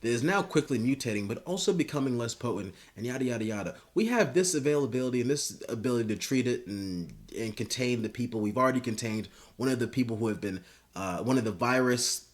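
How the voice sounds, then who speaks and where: A man's voice: medium pitch, animated, lightly acted. Brief: jittery fake official, stumbling briefing, man's impression. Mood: flustered. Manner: halting, rambling briefing. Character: nervous masked man, fumbling official.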